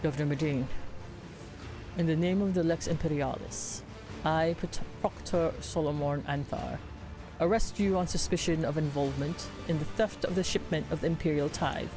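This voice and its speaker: A woman's voice: sits low, moderate pace, over music. A woman streamer voicing a stern male arbitrator issuing a formal arrest in a video game. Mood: commanding. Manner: formal, commanding pronouncement.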